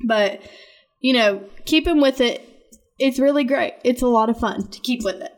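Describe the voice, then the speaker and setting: A woman's voice: on the high side, normal speed. A woman hosting a podcast, talking casually in an earnest, rambling and encouraging way. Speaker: podcast host.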